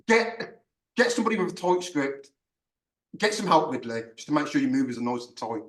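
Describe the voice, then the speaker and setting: A man ranting in a casual podcast chat, swearing often and getting animated. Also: on the high side, a little fast. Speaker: podcast host. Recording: echoey room, far from mic.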